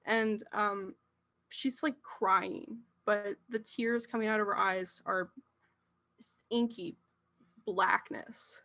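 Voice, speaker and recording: A woman's voice: medium pitch, fairly even intonation, slow, sharp tone. A woman narrating a tabletop role-playing game as game master, with hesitant phrasing and frequent fillers.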